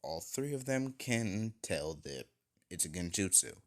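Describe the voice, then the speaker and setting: Low-voiced young man rambling crudely. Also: very animated, measured pace. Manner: crude, rambling, full of likes and kindas. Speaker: fan fiction storyteller. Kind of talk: casual rambling retelling.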